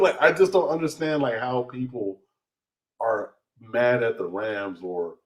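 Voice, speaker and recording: A man's voice: mid-range voice, measured pace, rough recording. A man chatting on a casual sports podcast with a mid-range voice. His delivery is laid-back and loose, with frequent fillers. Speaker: podcast co-host.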